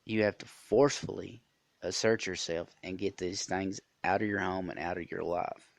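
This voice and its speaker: A man's voice: low-pitched, fairly even intonation, normal speed, vocal fry, no echo. A man hosting a podcast, telling a rambling story with many fillers and restarts. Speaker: podcast host. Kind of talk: casual storytelling monologue.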